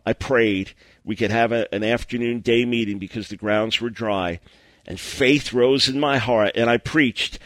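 A man preaching a sermon as a story, animated and acting out the dialogue, with frequent stammered restarts. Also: lowish voice, no echo.

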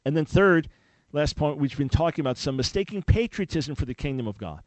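A man hosting a call-in radio talk show, speaking in an emphatic, animated preaching style with sudden loud peaks. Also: on the high side, a little fast, dry recording.

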